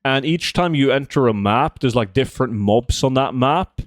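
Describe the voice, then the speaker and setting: A young man chats his way through a game stream, reading out questions from chat and answering them off the cuff. His voice sits at an ordinary pitch, and the sound is close and dry, with no room around it. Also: animated, moderate pace, dry recording. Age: 20s. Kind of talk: casual live-stream chat while gaming.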